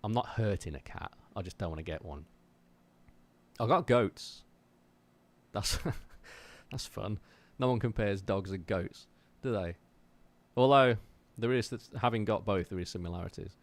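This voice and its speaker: A man with a faint West Midlands accent talks to his livestream viewers from his home drum room. His voice sits low, and he's jokey and self-deprecating. The sound is dry, with no room echo. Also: measured pace, pauses often. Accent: faint West Midlands (Wolverhampton). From Wolverhampton, England. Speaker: drummer streaming his practice. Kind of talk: casual livestream chat.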